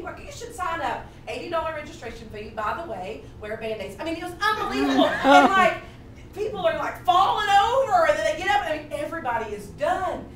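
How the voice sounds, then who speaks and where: High-voiced woman telling a funny story. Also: quick pace, a crowd in the background. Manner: animated, laughing while she talks. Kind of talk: comic storytelling to a live audience. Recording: echoey room from far off, noisy.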